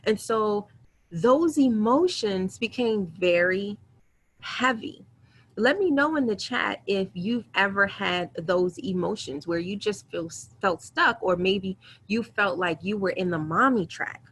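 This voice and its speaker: A woman's voice: medium pitch, animated, a bit bright, slight background noise. A woman in her thirties hosting a webinar, telling her own story in an earnest, candid and emotional way over a computer mic. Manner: earnest, candid and emotional, with quick self-quotes. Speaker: webinar host. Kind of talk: webinar talk, personal storytelling.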